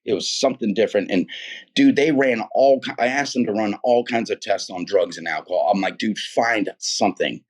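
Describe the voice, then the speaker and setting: A man's voice: lowish voice, fairly quick. A middle-aged man telling his own life story in casual, earnest, rambling speech, full of "dude" and "man". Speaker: guest telling his testimony. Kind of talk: casual personal testimony.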